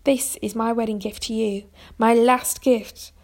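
A woman's voice: on the high side, level tone, darkish tone. A woman doing a weary old wizard. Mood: solemn. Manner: slow, grave pronouncements.

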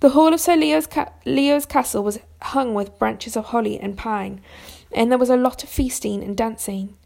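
A woman narrating a storybook chapter in a steady reading voice, with small restarts now and then. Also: fairly high pitch, moderate pace, vocal fry.

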